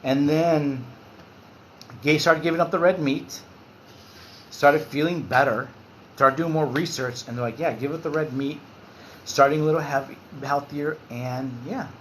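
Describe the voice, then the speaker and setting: A man's voice: on the high side, fairly even intonation, a little slow, fairly bright tone, a little hiss or hum. A man in his forties hosting a casual livestream, loose and candid, swearing and reading out viewer comments. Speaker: livestream host.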